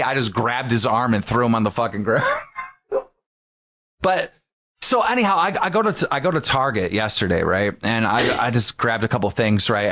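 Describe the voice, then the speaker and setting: A man co-hosting a podcast, telling stories in an animated, profane way and acting out what people said. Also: medium pitch. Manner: animated, profane storytelling with acted-out quotes. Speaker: podcast co-host. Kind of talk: casual podcast chat.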